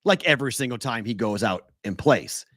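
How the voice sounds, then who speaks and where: Animated man talking sports odds. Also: mid-range voice, brisk, dry recording, studio quality. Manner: animated, incredulous, stat-heavy. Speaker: sports betting show host. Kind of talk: casual sports betting chat.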